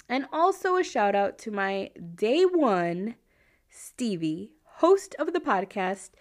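A woman's voice: fairly high pitch, darkish tone. A woman hosting a podcast in casual chat, giggly and laughing often, with chatty asides to her listeners. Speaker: podcast host.

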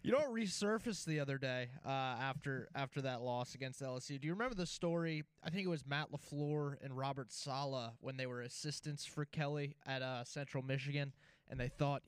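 Blunt man with smooth, dry voice. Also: mid-range voice, fairly quick, dry recording. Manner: blunt, storytelling. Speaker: sports radio co-host. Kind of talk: sports radio banter.

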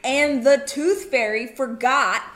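A woman co-hosting a casual chat, telling a family story in an animated way with quick asides. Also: sits high, roomy sound. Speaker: podcast co-host.

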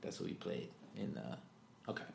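A man co-hosting a podcast, chatting casually in an animated way with quick laughs. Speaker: podcast co-host. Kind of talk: casual chat. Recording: roomy echo.

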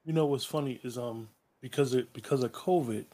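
A man interviewing a guest in a relaxed, slangy way, often repeating his words. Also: mid-range voice, a little fast. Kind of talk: casual interview talk.

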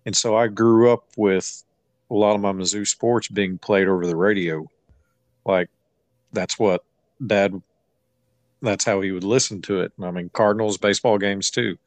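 A man in his thirties hosting a casual sports podcast, talking in a slow, halting way as he reminisces. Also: on the low side, fairly even intonation, dry recording. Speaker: podcast host.

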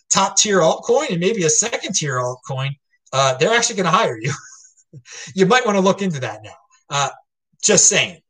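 A man's voice: a little high, a bit bright, husky. A man hosting his own crypto show, ranting casually and emphatically, rambling with frequent repeats and tag questions. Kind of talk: casual opinion rant.

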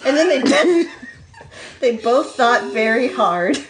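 A woman's voice: on the high side, expressive, slow. A woman co-hosting a podcast, reading fan fiction aloud and often breaking into laughter. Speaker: podcast co-host.

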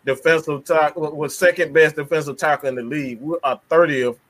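A man on a casual sports talk show who exclaims in disbelief and reacts loudly. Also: steady tone, fairly quick, no room sound. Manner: exclaims in disbelief, sweeping pitch jumps.

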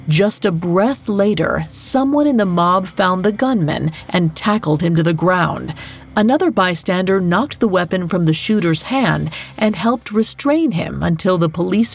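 Woman narrating true crime, measured and low. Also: a little mellow, husky. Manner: measured, dramatic delivery. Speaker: podcast host.

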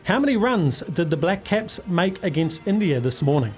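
A man's voice: sits high, very animated, normal speed, darkish tone, soft background music. A man hosting a radio sports quiz, chummy and upbeat, calling callers mate. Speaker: radio sports show host.

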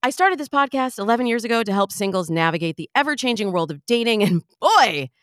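Bubbly, lively woman podcast host. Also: fairly high pitch, fast talker, no room sound, clean studio sound. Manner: bubbly, expressive, playful. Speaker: podcast host and dating coach. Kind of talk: podcast monologue.

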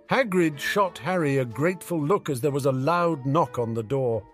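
A man reading a fan fiction audiobook in an expressive storytelling manner. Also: fairly high pitch, normal speed, soft background music. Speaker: audiobook reader.

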